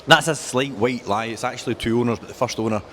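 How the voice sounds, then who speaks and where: Enthusiastic car dealer. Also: male voice, mid-range voice, quick pace, pushed and bright, slight background noise. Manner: enthusiastic, jokey, rattles off specs. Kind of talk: casual walkaround chat.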